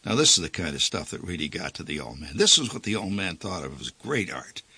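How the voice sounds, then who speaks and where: A man narrating a first-person story with wry, deadpan asides. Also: sits low, brisk, breathy edge, no echo.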